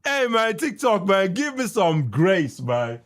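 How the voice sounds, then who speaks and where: A man with a Nigerian accent runs a podcast, his commentary heated and repetitive, veering from yells to mumbled side comments. His pitch sits high, he is very animated, and his pace is slow.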